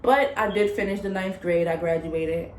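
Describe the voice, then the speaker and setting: A woman's voice: fairly low pitch, fairly even intonation, normal speed, slight background noise. A young woman telling a personal story in a candid, chatty way, acting out what others said. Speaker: vlogger. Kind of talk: casual storytime. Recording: echoey room with faint ambience.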